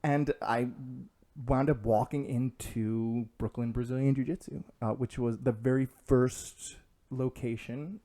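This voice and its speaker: A man, a podcast guest, telling stories in casual chat, acting out the voices of the people in them and laughing along. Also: medium pitch. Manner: animated, acts out quoted voices with laughs.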